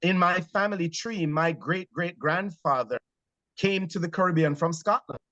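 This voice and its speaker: Man, Jamaican accent, slightly high voice, animated storytelling with pauses, muffled dry audio. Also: dry recording. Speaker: theater actor guest. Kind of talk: conversational interview.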